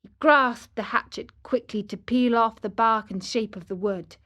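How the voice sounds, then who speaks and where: A woman reading a fairy tale aloud clearly and deliberately for English learners. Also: fairly high pitch, a bit bright. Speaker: storyteller.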